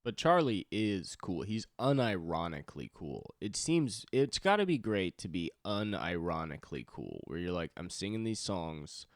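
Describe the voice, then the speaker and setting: Low-voiced rambling comedian man. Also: wildly swooping pitch, normal speed, few pauses, no room sound, studio quality. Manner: rambling, self-deprecating, lots of fillers. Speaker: comedian podcast host. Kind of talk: solo comedic monologue.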